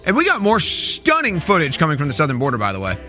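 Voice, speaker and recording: A man's voice: on the high side, wildly swooping pitch, fast, sharp tone, faint music behind. A man hosting a talk radio show, commenting in an indignant, mocking way and repeating his points.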